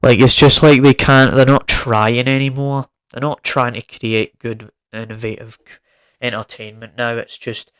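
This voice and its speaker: Man, film reviewer, casual rant, exasperated, repeats himself, smooth clear voice. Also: medium pitch, steady tone, normal speed, a bit bright. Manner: exasperated, rambling, repeats words.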